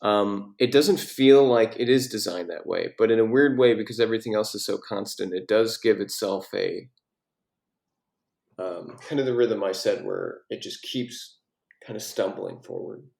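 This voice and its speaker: A man leading a poetry workshop in a casual way, asking questions and reading lines of verse quietly. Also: on the low side, normal speed, creaky. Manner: inquisitive, reads verse softly. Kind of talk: casual critique and reading aloud. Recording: echoey room.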